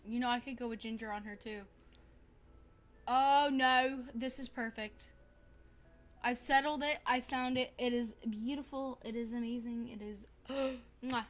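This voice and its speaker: A young woman streaming a life-sim game, chatting casually to viewers in a bubbly, excitable way, gasping and repeating herself. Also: a little high, normal speed. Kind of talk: casual gaming stream chat.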